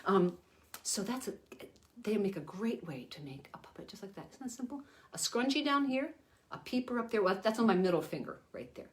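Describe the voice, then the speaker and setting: A woman's voice: mid-range voice, expressive, brisk. An older woman, a children's entertainer, giving a chatty, rambling puppet-making lesson with frequent self-corrections.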